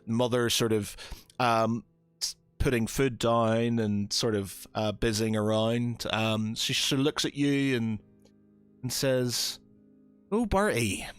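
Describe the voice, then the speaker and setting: A man's voice: medium pitch, steady tone, smooth, no room sound. Man, game master, hesitant narration, fillers, dry close sound, faint music. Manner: hesitant, many fillers, unhurried.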